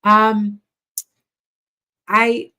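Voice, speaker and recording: A woman's voice: mid-range voice, monotone, very slow, sharp tone, clear, resonant tone. A woman with a Midwestern Chicago accent, hosting a casual livestream and giving blunt, rambling psychic readings to viewers.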